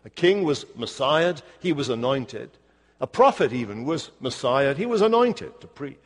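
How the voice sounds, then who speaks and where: A male pastor preaching a sermon, emphatic and slowing down on key words. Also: fairly high pitch, in a large hall. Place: church.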